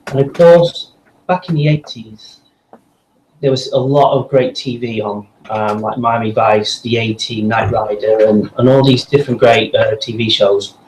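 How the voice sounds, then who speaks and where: A man guest on an interview show, recounting his path in a casual, rambling way full of ums and restarts. His voice sits in an echoey room with a faint hum underneath. The delivery is conversational and unhurried. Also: medium pitch, darkish tone. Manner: rambling, many fillers and restarts. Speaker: voice actor guest. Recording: roomy echo with faint background hum.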